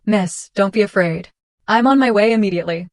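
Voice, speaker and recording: A woman's voice: mid-range voice, brisk, no echo, clean studio sound, close to an everyday voice. A woman voicing an urgent, loyal old servant. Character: worried older male family servant.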